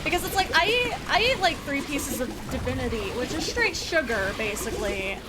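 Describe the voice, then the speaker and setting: A woman's voice: high voice, sing-song, fairly quick, very noisy. A young woman from the United States streaming a game and chatting casually, rambling with lots of "like" fillers. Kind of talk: casual chat while gaming.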